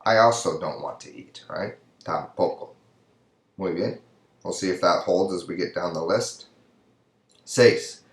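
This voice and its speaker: A man's voice: low voice, measured pace, long pauses, echoey room. A man teaching a Spanish grammar lesson, patiently explaining each answer step by step in English and Spanish. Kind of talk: recorded classroom lesson.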